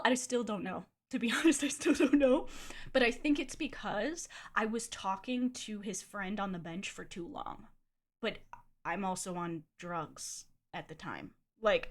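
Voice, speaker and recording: A young adult woman streamer telling a personal story in a candid, chatty way, swearing freely and filling with "like". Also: on the high side. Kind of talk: casual storytelling.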